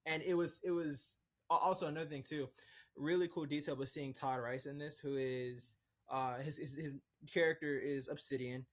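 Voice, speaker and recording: A man talks in a loose, excited ramble as a podcast co-host. His sentences trail off and restart, full of filler words. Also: on the high side, normal speed. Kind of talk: casual chat.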